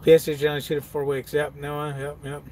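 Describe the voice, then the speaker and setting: A man's voice: a little high, monotone, quick pace, dark tone, a little hiss or hum. A truck-driving man in casual live-stream chat, laid-back, laughing often and reading viewer comments aloud. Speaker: truck driver vlogger.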